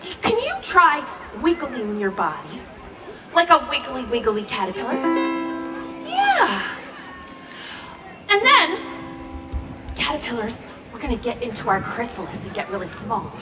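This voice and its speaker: A woman with a high, lively voice leads a sing-along storytime for little kids and coaxes them in a slow, sing-song way. She is picked up from a distance at an outdoor event, so her voice sounds roomy, and a loud ukulele plays behind her. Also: music in the background, crowd noise. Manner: animated, sing-song, coaxing children. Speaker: children's entertainer. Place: playground ceremony, outdoors. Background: ukulele playing.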